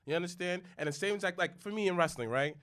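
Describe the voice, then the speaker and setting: Slangy, excitable man podcast host. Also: sits high, fast talker. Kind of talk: casual chat.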